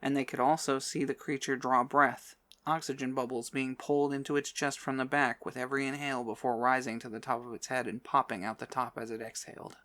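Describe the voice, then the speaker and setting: Brief: male audiobook narrator, steady, mid-pitched storytelling. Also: brisk, few pauses. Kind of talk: scripted narration.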